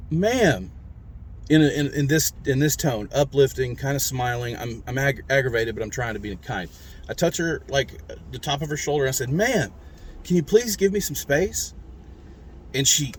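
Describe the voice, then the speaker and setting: A man's voice: medium pitch, slight background noise. Rambling, candid male vlogger. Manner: rambling, candid, self-described talker. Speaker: mental health vlogger. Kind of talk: casual vlog storytelling.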